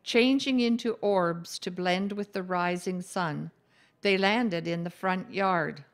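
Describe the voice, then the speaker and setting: A woman author reading her own novel aloud at a live book event, in a measured, deliberate way. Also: on the low side.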